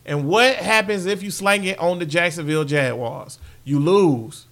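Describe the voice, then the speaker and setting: A man with a high voice co-hosts a casual sports podcast. He jokes constantly, trading banter and slipping into silly bits. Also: normal speed, a bit bright. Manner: joking, does silly impressions and sings. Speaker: podcast co-host.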